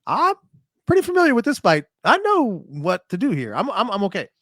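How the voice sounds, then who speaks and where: Animated storytelling man, dry close sound. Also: sits high, a little fast, dry recording. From Minnesota. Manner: animated storyteller, acts out quotes. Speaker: podcast guest, point fighter. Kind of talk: casual chat.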